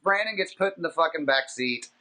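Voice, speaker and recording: A man hosting a podcast, telling a long, profane anecdote in a casual, animated, rambling way. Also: a little high, a little fast. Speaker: podcast host. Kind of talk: casual storytelling.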